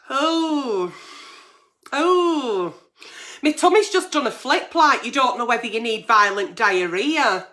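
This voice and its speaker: A woman's voice: a little high, bright, forceful tone. A middle-aged woman hosting a live-stream advice show, chatty and swearing freely as she reads out viewer comments and letters. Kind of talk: live-stream agony aunt chat.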